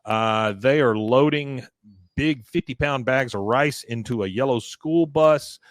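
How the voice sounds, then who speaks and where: A man's voice: medium pitch, measured pace, dry recording. A man hosting a podcast, casually recapping a cartoon episode in a chatty way, with fillers. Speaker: podcast host.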